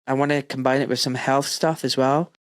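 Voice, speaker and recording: A man's voice: mid-range voice, steady tone, fairly quick, no room sound, clean studio sound. Man in his forties telling an emotional story. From United Kingdom. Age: 40s. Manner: emotional storytelling, acts out his own quotes. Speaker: podcast host. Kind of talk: casual chat.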